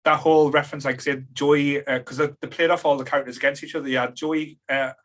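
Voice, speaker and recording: Male host, bright tone, chatty and rambling. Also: fairly high pitch, steady tone, quick pace. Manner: rambling, many fillers and restarts, laughs easily. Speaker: podcast host. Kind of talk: casual chat.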